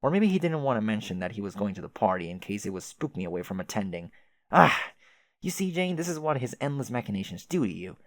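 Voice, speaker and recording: A man's voice: lowish voice, big pitch swings, fast, fairly bright tone, dry recording. A man doing Jake, folksy young adventurer. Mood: rambling. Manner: rambling, old-fashioned folksy exclamations. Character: chatty folksy young male adventurer, oblivious.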